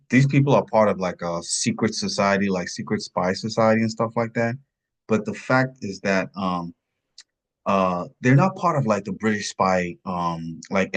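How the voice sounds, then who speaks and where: A man co-hosting a casual film review podcast over a video call, rambling and tacking on "and stuff like that.". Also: low-pitched. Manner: rambling, often adds "and stuff like that". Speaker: podcast co-host.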